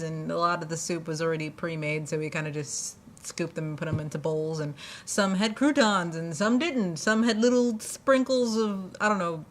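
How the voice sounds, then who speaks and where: A woman's voice: medium pitch, fairly bright tone. A young woman telling funny stories from her jobs, chatty, often laughing, with lots of fillers and restarts. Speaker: vlogger. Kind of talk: casual storytelling.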